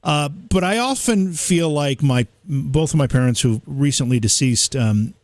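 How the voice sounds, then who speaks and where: Podcast host asking questions. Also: male voice, on the high side, a little slow, no echo. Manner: reactive, asks thoughtful questions. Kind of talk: casual interview.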